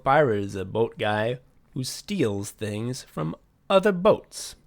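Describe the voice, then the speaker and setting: A podcast co-host, a man with a mid-range voice, retells a story in loose, casual chat. He talks with eager swearing and heavy feeling, often pushing his voice up when excited. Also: mid-range voice, takes it slowly, vocal fry.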